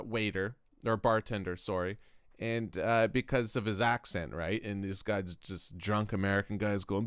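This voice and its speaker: A man's voice: mid-range voice, clear, resonant tone, dry recording, studio quality. A man from Canada hosting a music production channel, rambling and joking between stories in a casual vlog. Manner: rambling, self-interrupting, joking. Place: home studio.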